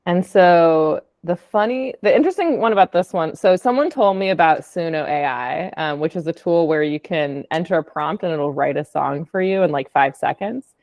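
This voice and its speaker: A woman's voice: low-pitched, normal speed, hardly any pauses, a little mellow, no room sound, clean studio sound. A woman, an audio artist, casually presenting her work on a call in a chatty, upbeat way with lots of fillers. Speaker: podcast producer and audio artist.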